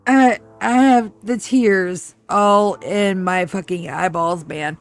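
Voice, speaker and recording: Woman, game streamer, slow unhurried talk, swearing, laughing, cooing to her cat. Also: medium pitch. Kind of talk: casual live-stream chat.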